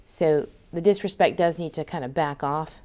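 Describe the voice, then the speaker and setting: Woman podcast host, low voice, frank and blunt, casual delivery. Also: moderate pace, darkish tone. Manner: frank, blunt, occasional swearing. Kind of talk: casual commentary.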